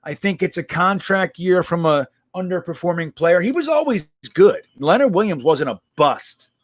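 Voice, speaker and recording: A man's voice: sits high, lively intonation, normal speed, no echo. A man hosting a casual live stream, reading viewer comments aloud with a blunt, profane, reactive manner.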